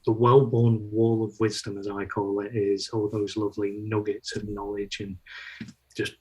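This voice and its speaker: A man, a guest on a podcast, explaining his work in a halting way with many fillers. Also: on the low side, monotone, mellow, husky, low-quality recording. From United Kingdom. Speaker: podcast guest, brand manager. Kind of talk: casual podcast conversation.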